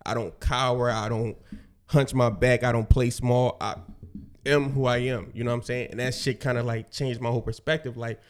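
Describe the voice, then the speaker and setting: A man's voice: mid-range voice, steady tone, normal speed. Young adult man, casual podcast co-host, slangy and profane, firm and emphatic when making a point. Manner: laid-back slang, swearing, emphatic. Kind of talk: casual conversation.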